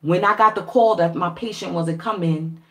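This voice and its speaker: A woman vlogger telling a story to her viewers in a casual, animated way, swearing freely and laughing often. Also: on the low side, normal speed. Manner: animated, profane, laughing, acts out quoted voices. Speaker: spiritual reader and vlogger. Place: at home.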